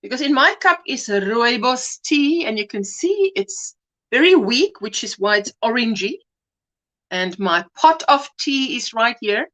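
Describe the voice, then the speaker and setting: Lively, high-voiced woman chatting on a livestream. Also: unhurried. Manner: chatty, laughing, greets viewers warmly by name. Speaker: crochet livestream host. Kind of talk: casual chat reading viewer comments. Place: home livestream.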